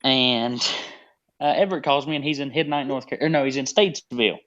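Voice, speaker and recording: A man's voice: medium pitch, fairly even intonation, fairly quick, fairly bright tone. A man with a Southern US accent from North Carolina, a wrestler guest telling a story with laughs on a podcast call. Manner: laid-back storytelling, laughs often. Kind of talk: casual podcast chat over a call. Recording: muffled phone call audio.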